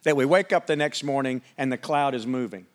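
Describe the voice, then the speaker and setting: A pastor preaching a sermon, reading scripture aloud and asking the congregation questions in a conversational, emphatic way. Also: male voice, mid-range voice, brisk.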